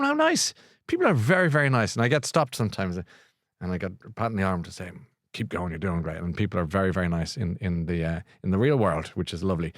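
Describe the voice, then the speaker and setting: A man's voice: mid-range voice, no echo, studio quality. A middle-aged Irish man hosting a podcast, chatting in a rambling way with many restarts and self-corrections. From Ireland. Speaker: podcast host. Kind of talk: casual chat, book recommendation.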